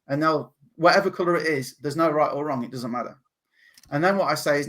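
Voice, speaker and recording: An English man talking as a podcast guest, animated and laughing often as he acts out other people's voices. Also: on the high side, fast talker. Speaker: guest, NLP practitioner. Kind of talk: podcast interview.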